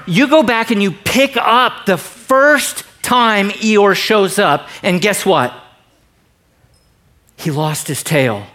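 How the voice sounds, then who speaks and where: Animated joking preacher man. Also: sits high. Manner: animated, joking, swings between quiet emphasis and loud bursts. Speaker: pastor. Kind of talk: sermon.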